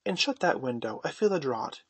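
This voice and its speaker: A man's voice: medium pitch, very animated, a little fast, fairly bright tone, husky, dry recording. A man voicing a proud, sentimental middle-aged father who exclaims dramatically. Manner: self-satisfied, dramatic exclaiming.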